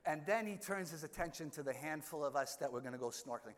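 A middle-aged man, a priest, tells a self-mocking story from the pulpit. His voice sits fairly high for a man. The sound rings with the long reverb of a large hall. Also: expressive, quick pace, a little hiss or hum. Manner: self-deprecating humorous storytelling. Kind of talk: sermon storytelling.

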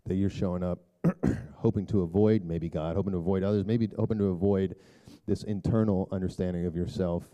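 A middle-aged man speaks to a church group in a rambling, chatty sermon style. His voice sits low and sounds deeply mellow and dark. He leans on filler words and keeps clearing his throat. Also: steady tone, brisk, highs cut off. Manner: turns hushed and low for prayer. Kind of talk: storytelling sermon talk.

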